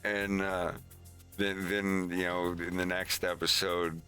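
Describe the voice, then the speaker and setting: A man streaming his animation work, chatting casually and rambling with halting restarts. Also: sits low, level tone, bright, forceful tone, faint music behind.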